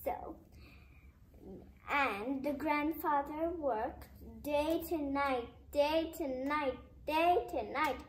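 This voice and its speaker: High-voiced woman telling a fable slowly. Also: a little hiss or hum, rough recording. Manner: hesitant, restarts and asides to listeners. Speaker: storyteller. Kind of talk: reading a fable aloud.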